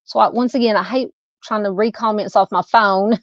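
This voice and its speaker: A woman's voice: mid-range voice, fairly even intonation, brisk, dry recording, dull audio. A woman with a Southern US accent hosting a casual true crime live stream, rambling and chatty as she talks with viewers. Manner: rambling, chatty, lots of "you know" fillers.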